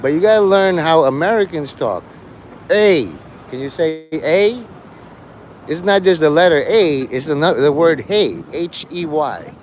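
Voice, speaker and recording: A man's voice: on the high side, expressive, measured pace, a little hiss or hum. A man live-streaming in a rambling, sarcastic and profane way, mocking a chat viewer. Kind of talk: rambling livestream banter.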